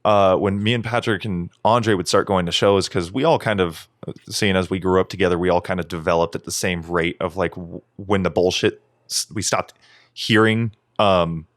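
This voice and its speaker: Animated swearing man on a podcast. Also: deep voice, normal speed, no room sound, studio quality. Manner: animated, swears freely, mimics others in raised voice. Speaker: podcast co-host. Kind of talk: casual chat.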